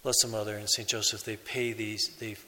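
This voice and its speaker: A man preaching a sermon as a priest, in a slow, measured way with pauses. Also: lowish voice, flat delivery, bright, forceful tone, long reverb tail, rough recording.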